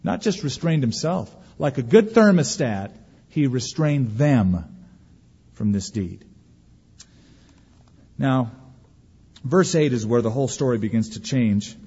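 A male pastor preaches with a mellow, slightly husky voice that swoops up and down with expression. His delivery is folksy and full of humor, with dramatic pauses. The sound is dull and carries a long church reverb. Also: mid-range voice, lively intonation. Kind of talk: sermon.

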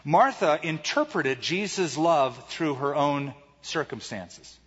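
Male pastor, husky, slow and deliberate, dramatic sermon style, muffled hall sound. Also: on the high side, lively intonation, fairly bright tone. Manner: dramatic, rhetorical questions, acts out quoted voices.

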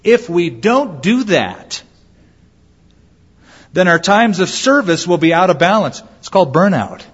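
A man's voice: on the high side, husky. A man preaching a sermon as a pastor, acting out quoted voices as he goes. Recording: lo-fi with long hall reverb.

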